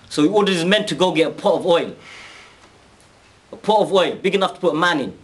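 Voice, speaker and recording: A man casually retelling a story, animated, acting out quoted speech and often restarting his sentences. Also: fairly high pitch, fast talker, long pauses.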